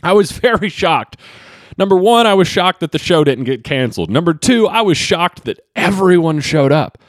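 Male comic podcaster, slight Kentucky twang, a bit high-pitched, rambling. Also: normal speed, dry recording, studio quality. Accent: slight Southern twang. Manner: animated, jumps pitch for comic emphasis, self-mocking. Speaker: podcast host and stand-up comedian. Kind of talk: rambling solo podcast monologue.

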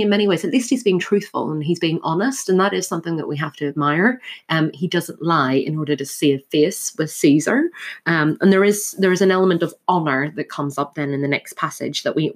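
A woman teaching literature, talking through a play scene line by line with frequent fillers and restarts. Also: deep voice. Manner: thoughtful, many fillers and restarts.

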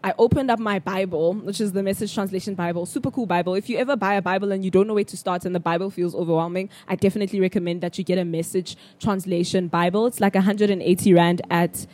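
A young woman from South Africa talks through a personal story on her podcast. She is chatty and expressive, and she often calls her listeners "child". Her pitch sits in a middle range for a woman. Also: fast, few pauses. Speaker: podcast host. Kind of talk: casual storytelling chat.

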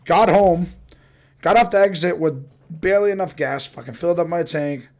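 A man's voice: on the high side, moderate pace, creaky, darkish tone. A young man telling rowdy stories casually, swearing a lot and acting out the voices of people in them. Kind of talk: casual storytelling.

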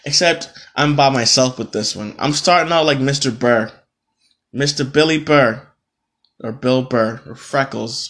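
A man's voice: mid-range voice, fairly bright tone. A man hosting a solo podcast, ranting in a casual, profane, exasperated way. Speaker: podcast host.

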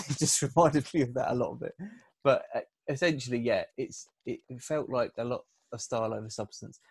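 Measured, analytical man. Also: medium pitch, fairly even intonation, a little mellow, breathy edge, no echo. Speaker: podcast host. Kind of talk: casual film review chat.

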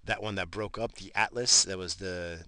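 A man's voice: deep voice, fairly even intonation, normal speed, bright, forceful tone, clear, resonant tone, no room sound. A man talking in a casual, rambling monologue, swearing freely and laughing at his own asides.

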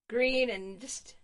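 A woman's voice: fairly high pitch, background noise. A woman co-hosting a podcast in casual chat who sounds hesitant and thinks aloud. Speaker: podcast co-host.

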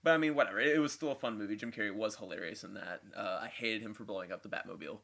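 A young man co-hosting a casual podcast chat, animated and quick to laugh. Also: on the low side, gravelly. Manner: animated, laughs often, shouts quoted lines. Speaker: podcast co-host.

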